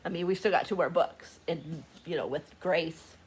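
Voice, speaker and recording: A woman chatting casually in a book vlog, gushing and excitable, laughing often, talking from a room at home. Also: fairly low pitch, moderate pace, a little hiss or hum. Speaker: book vlogger. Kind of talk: casual reading vlog chat. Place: home room with door open.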